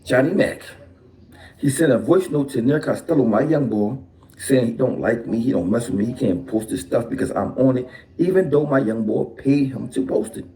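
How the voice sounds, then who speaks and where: A rapper with a Philadelphia accent rants straight to camera about his feuds, sounding defiant as he explains himself and tacks "okay" onto his lines. His mid-range voice has a dark tone and lively intonation, moving at normal speed.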